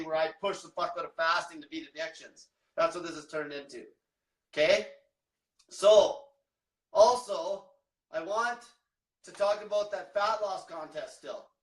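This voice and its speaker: Profane fired-up man ranting, high voice. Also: fairly bright tone, reverberant, distant mic, poor audio. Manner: profane, blunt, repetitive, fired-up. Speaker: diet coach. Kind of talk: livestream rant.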